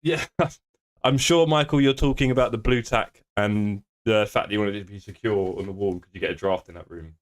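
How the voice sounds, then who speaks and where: A man's voice: on the low side, brisk. A man, streaming sim racing and bantering casually with his live chat, joking and laughing often. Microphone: desk streaming microphone.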